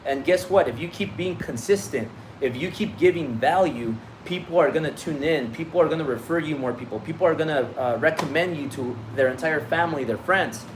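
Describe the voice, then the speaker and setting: A man's voice: fairly high pitch, fairly quick, few pauses, noisy background. A man giving a blunt, profane motivational talk on a livestream as a business coach, often restarting his sentences.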